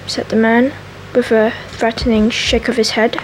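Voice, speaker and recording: A woman with a slightly raspy, scraggly voice reading a classic novel aloud in soft ASMR style, stumbling and correcting herself. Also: on the high side, level tone, a little hiss or hum, poor audio. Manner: slow, careful reading with frequent self-corrections. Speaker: ASMR reader.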